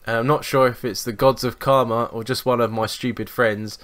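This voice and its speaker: Young man, podcast co-host, animated, swearing a lot, casual. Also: mid-range voice, brisk. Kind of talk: casual storytelling chat.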